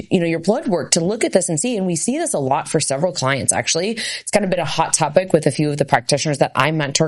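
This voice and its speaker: A woman with a slightly low voice talks through health topics on a casual podcast. She explains things quickly and conversationally, with plenty of fillers along the way. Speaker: podcast host, health practitioner.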